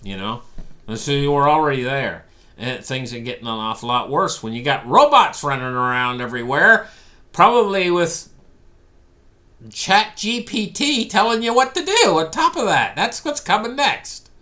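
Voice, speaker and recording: A man delivering an animated, sarcastic ranting monologue with stories. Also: fairly high pitch, moderate pace. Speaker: commentator.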